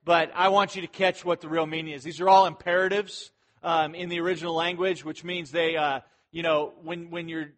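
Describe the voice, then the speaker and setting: Male preacher, high voice, animated, shouts for emphasis, conversational sermon. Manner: conversational asides with fillers. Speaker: pastor. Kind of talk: expository sermon.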